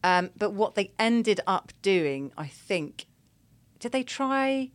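A woman from England telling a candid, animated story in casual chat, often laughing. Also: mid-range voice, slow pace. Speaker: guest.

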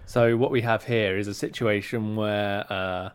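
A man's voice: lowish voice, fairly even intonation, unhurried, clean tone. Young guy on a podcast, jokey and teasing, laughs at himself. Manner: joking, teasing, self-mocking. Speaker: podcast co-host. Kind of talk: casual chat.

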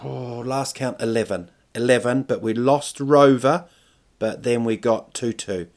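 A man putting on a muddled dog owner, mid-pitch, losing count, plain comic podcast bit. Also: unhurried, darkish tone, lightly acted. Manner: vague, hesitant.

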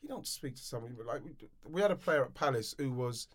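A middle-aged former footballer co-hosting a podcast chats casually and tells stories animatedly, laughing and repeating himself a lot. He talks fast at a medium pitch.

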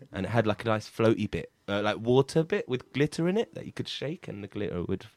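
Animated man telling funny stories. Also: on the low side, fairly quick. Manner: animated storyteller, swearing, laughing. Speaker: comedy podcast co-host. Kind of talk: casual comedic chat.

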